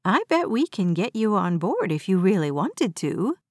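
A woman voicing a calm, confident white-haired old woman who speaks in a gentle, friendly way. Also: medium pitch, moderate pace, no echo, clean studio sound. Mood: cheerful.

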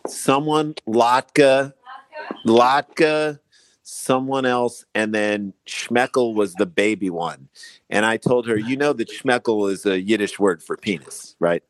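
A man's voice: medium pitch, dry recording. A man co-hosting a comedy podcast, telling funny stories in casual banter. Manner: joking, quick storytelling with asides. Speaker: podcast co-host.

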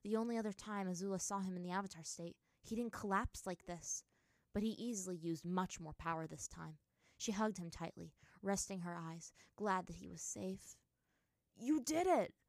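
Brief: female narrator reading a fantasy story, slightly low voice, dry recording. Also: steady tone, moderate pace, gravelly, no echo. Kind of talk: reading fan fiction aloud.

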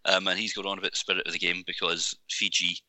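Co-host with a very deep voice, wry casual chat, bright forceful tone. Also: male voice, level tone, fast talker, dry recording, low-quality recording. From Scotland. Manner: wry, rambling with fillers. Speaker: podcast co-host.

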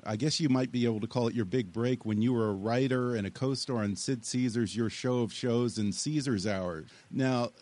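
A man's voice: mid-range voice, normal speed, few pauses, a little mellow. A man hosting an interview, asking curious questions and laughing along easily. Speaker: host. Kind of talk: casual interview.

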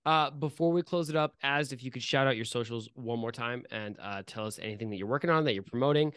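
A man narrates a tabletop game as its game master, pausing often with fillers as he builds the scene. His voice is smooth and resonant, and the sound is close and dry, with no room around it. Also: mid-range voice, fairly bright tone, dry recording. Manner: halting, filler-heavy narration.

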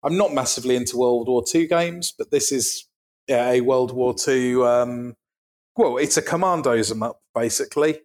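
A man's voice: mid-range voice, normal speed. A man co-hosting a podcast, joking around in casual chat. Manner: playful, jokey, animated. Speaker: podcast co-host.

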